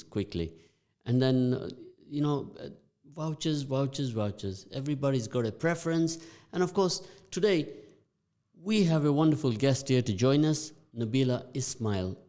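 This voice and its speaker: A man's voice: mid-range voice, dark tone. A man hosting a morning community radio show, upbeat and playful, repeating phrases for effect. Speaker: radio host.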